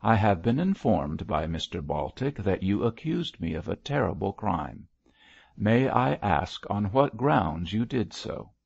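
A man's voice: lowish voice, sing-song, a little slow, vocal fry, a little mellow, breathy edge, no echo, heavily acted. A man reading a stern reproachful old bishop. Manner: solemn, reproachful. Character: elderly male bishop, mild but stern. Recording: dull lo-fi dry recording.

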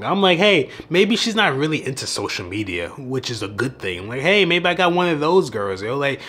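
Young man telling a story, slightly high voice. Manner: laughs often, swears freely, animated self-mocking storytelling. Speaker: dating coach. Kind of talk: casual storytelling vlog.

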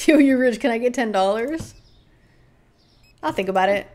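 A woman's voice: fairly high pitch, lively intonation, normal speed, a little mellow. A woman livestreaming a game, chatting offhand with her viewers, reading out items to herself and swearing casually. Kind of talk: casual live-stream chat while gaming.

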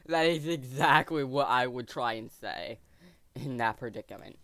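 A man hosting a let's play video, thinking aloud to his viewers in a jokey, excitable way. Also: mid-range voice, moderate pace, no echo. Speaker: gaming channel host.

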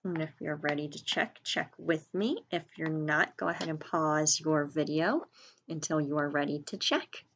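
A woman's voice: deep voice, moderate pace, a bit bright, muffled recording, slight background noise. A woman teacher giving a recorded spelling lesson, patient and careful, spelling words out letter by letter.

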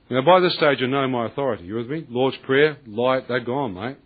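A man giving a lively, colloquial testimony sermon, acting out the voices of others and laughing often. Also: medium pitch, a little fast, few pauses, a little hiss or hum. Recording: tinny lo-fi, husky.

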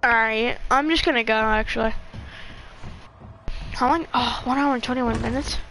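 A woman's voice: a little high, moderate pace, a bit bright, a little hiss or hum. A young woman giving gameplay commentary, swearing constantly and talking to herself and the screen. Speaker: gamer.

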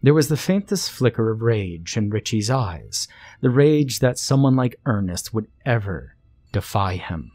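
A man narrating a scary story in a slow, measured storytelling manner. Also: fairly low pitch, big pitch swings, darkish tone, no room sound. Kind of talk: scripted horror narration.

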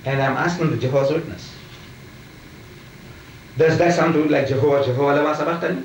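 A man's voice: fairly high pitch, fairly even intonation, fast talker, a little hiss or hum. An older man in a heated religious debate, emphatic and repetitive, pressing his listeners with questions. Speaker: debating preacher. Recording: roomy and distant, faint ambience.

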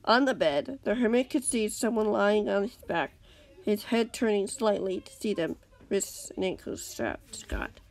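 A woman reading her own fan story aloud, expressive, with occasional slips and restarts. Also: medium pitch, normal speed.

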